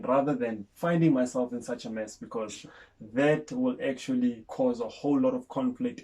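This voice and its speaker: A man's voice: mid-range voice, dark tone, slightly rough. A man from South Africa co-hosting a casual chat, speaking earnestly about property deals he has gone through himself. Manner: earnest, shares own experiences. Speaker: co-host.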